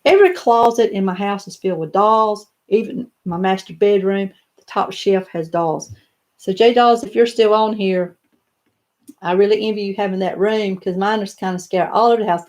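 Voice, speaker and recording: An older woman with a gentle drawl, chatting on a live stream. She talks in a loose, rambling way, full of little restarts, and answers viewer comments one after another from her home office. Her pitch sits right in the middle for a woman. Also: moderate pace. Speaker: doll collector hosting a live stream. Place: home office lined with doll showcases.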